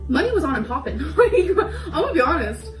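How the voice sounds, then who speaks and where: A young woman rambles through a candid confessional vlog, full of fillers and short laughs. Her voice sits slightly high and comes from a few steps off the mic. The room echoes, and soft music plays underneath. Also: very animated, brisk. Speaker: vlogger. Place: home kitchen. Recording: echoey room, voice a bit far from mic, faint background music.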